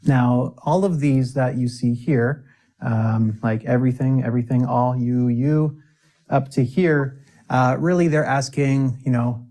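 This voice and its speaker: This upbeat English teacher speaks at an ordinary pitch, mellow and with fairly even intonation. He gently encourages learners, giving each example phrase slowly and clearly for repetition.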